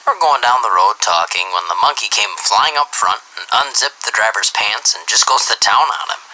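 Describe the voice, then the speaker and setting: A man reading dirty jokes aloud as an animated storyteller who starts many lines with "well". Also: lowish voice, moderate pace, rough recording.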